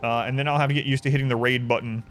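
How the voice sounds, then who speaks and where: A man's voice: medium pitch, steady tone, very fast, fairly bright tone. A male game streamer with a mid-range voice, talking casually and wryly as he plays. He rambles, reacts to the game and answers viewers in loose, offhand commentary, with faint music underneath. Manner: rambling, wry, chatting to viewers.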